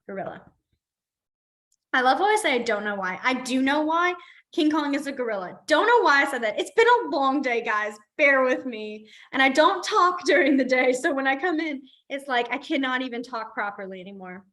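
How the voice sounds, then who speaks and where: A woman with a somewhat high voice leads a beginners' class in a library room. She is chatty and pokes fun at herself. She says each word slowly and more than once. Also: lively intonation, fairly bright tone. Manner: chatty, self-deprecating, repeats each sign name slowly. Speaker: sign language teacher. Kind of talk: live class instruction.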